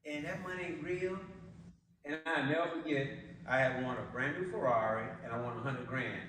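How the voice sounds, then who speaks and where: A man's voice: mid-range voice, moderate pace, fairly bright tone. A man giving a motivational sales presentation, telling stories in colloquial talk and laughing often. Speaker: business opportunity presenter. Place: event hall. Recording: echoey hall, distant mic, noise.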